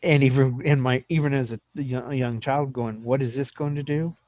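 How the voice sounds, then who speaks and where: This is a podcast host in his fifties, medium-pitched and moderately paced, spinning stories in relaxed conversation and animatedly performing quotes. No reverb colors the dry recording.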